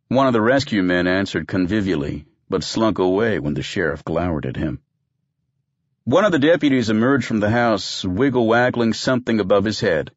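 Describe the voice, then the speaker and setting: Deep-voiced man narrating a wry story. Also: big pitch swings, moderate pace, slightly rough, dry recording, highs cut off. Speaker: audiobook narrator. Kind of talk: scripted narration.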